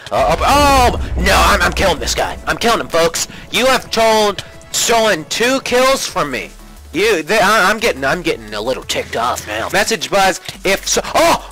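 A young man commentating a player-versus-player game in a mock-polite, family-friendly showman manner, yelping and shouting when things go wrong. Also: medium pitch, low-quality recording. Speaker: gaming commentator. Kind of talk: Minecraft PvP let's play commentary.

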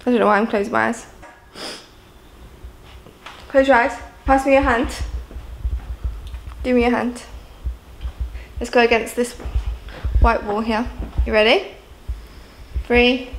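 A woman's voice: on the high side, fairly even intonation, a little slow, long pauses, a little hiss or hum. A young woman from Jersey, chatting casually to camera in a home vlog, full of "like" and "um" fillers. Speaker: vlogger. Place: at home indoors. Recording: roomy echo.

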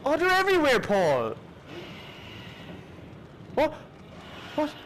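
A man commentating his own VR horror gameplay, jumpy and swearing, often shrieking and yelling at the enemies. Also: extremely high pitch, huge pitch swings, slow pace, a little hiss or hum. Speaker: gamer playing a VR horror game.

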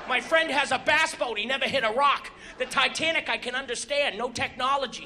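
A male stand-up comedian telling stories on stage with animated exasperation. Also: very high-pitched, brisk, hardly any pauses, slight background noise. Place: comedy stage before an audience. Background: audience laughter.

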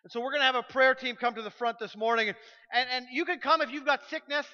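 A man preaching a sermon as pastor, passionate and swinging from loud urgency to hushed pleading. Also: extremely high pitch, steady tone, quick pace, dull audio. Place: church sanctuary.

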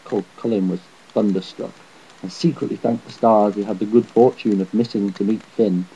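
A man reading a fairy tale aloud in a measured, slightly unpolished delivery. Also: lowish voice, fairly even intonation, mellow, husky. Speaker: storyteller. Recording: dull lo-fi home recording.

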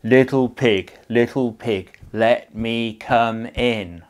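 A male teacher voicing a demanding big bad wolf in a children's story, speaking loudly and drawing out the words. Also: mid-range voice, steady tone, slow, natural voice.

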